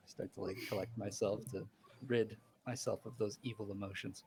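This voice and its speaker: A man chatting as a player in a tabletop game, in an animated way that breaks into laughs. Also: lowish voice, a little slow, vocal fry, pauses often, slight background noise. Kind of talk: casual chat during a tabletop game.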